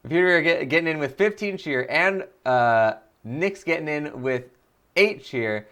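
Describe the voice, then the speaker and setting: A man streaming a video game live, chatting casually and excitably with viewers in quick bursts. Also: fairly high pitch. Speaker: streamer, game let's-player.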